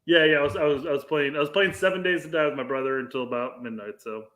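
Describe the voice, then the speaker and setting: A man with a fairly high voice trading profane jokes and teasing jabs as a podcast co-host. He laughs often, and the room around him rings with a noticeable echo. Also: fairly even intonation, fast talker, a bit bright. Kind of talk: casual banter.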